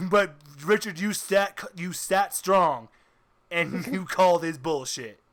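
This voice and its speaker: A man's voice: high voice, slow, a bit bright. A man narrating as game master of a tabletop game, laughing often and stumbling over restarts.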